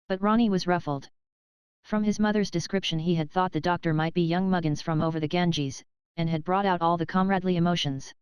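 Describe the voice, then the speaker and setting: Smooth low-voiced woman narrating. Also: steady tone, fairly quick, no room sound. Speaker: audiobook narrator. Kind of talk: scripted narration.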